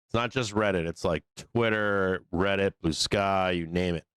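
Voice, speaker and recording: A man's voice: low-pitched, moderate pace, a bit bright, smooth, no echo. A man hosting a live stock market stream, talking casually and ranting with frustration, swearing freely and laughing often. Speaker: stock market show host.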